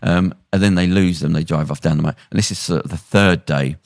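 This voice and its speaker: Man, low voice, podcast host, animated storytelling, dry close mic. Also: brisk, vocal fry, no room sound. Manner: animated retelling with acted-out quotes. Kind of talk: casual chat, storytelling.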